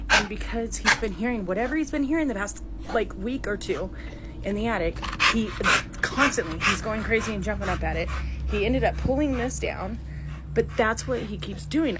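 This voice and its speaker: A middle-aged woman filming inside her home on a handheld phone, talking to viewers in a breathless, alarmed, often hushed way. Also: mid-range voice. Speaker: homeowner filming her house. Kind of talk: frightened phone video to viewers. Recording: noisy home phone recording.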